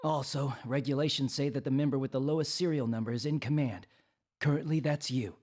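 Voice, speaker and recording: A woman voicing a composed female commanding officer who speaks in a cool, businesslike, low tone. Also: fairly even intonation, brisk, darkish tone. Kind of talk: reading a game story aloud.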